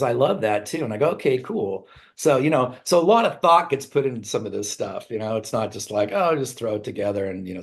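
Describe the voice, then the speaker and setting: Rambling middle-aged rock singer telling stories. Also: male voice, mid-range voice. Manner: animated storyteller, acts out quotes in raised voices, laughs often; loose, rambling, swears casually. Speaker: songwriter and band singer, interview guest. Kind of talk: casual storytelling interview.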